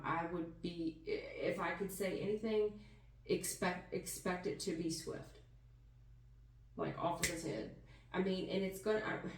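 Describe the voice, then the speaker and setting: A woman's voice: lowish voice, a little mellow. A woman giving a casual tarot reading in an emphatic, folksy manner, calling the listener hon and baby. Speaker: tarot reader. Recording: roomy sound, distant mic.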